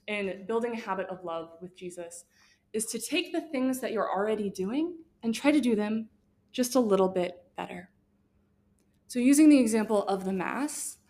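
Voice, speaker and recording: A young woman giving a casual, earnest faith talk to students, talking freely with many fillers. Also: fairly high pitch. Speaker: guest speaker.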